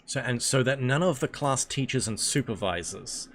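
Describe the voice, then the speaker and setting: A man's voice: mid-range voice, normal speed. A man leading a reading group on a stream, reading a book aloud, stumbling over words and breaking off for casual, joking asides.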